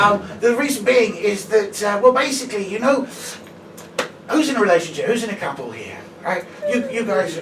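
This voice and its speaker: A male comedian doing live stand-up, chatty and sweary, bantering with the audience. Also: sits high. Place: small live comedy venue. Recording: echoey room, distant mic, loud ambient noise.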